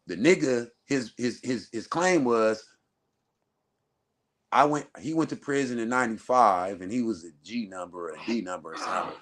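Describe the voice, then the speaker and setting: A man from Southern California, a guest telling a story in a casual, profane, animated way and acting out other people's voices. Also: lowish voice. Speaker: interview guest.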